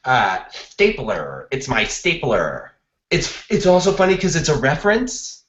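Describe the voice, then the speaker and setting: A man plays a smug, eager improv student whose voice swings lively up and down as he explains his jokes. The sound is roomy, dull and lo-fi. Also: sits high, a little fast. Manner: smug, self-satisfied, explains jokes earnestly. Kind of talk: comedy sketch acting. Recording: echoey lo-fi recording.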